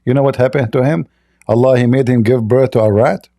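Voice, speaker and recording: A man's voice: medium pitch, fairly quick, mellow. A man hosting a live online debate, mocking and combative, often laughing at his opponents. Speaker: debate host.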